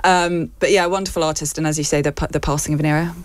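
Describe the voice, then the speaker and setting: A woman's voice: low voice, steady tone, fast talker, dry recording. A woman co-hosting a casual radio chat, telling stories with self-deprecating humor.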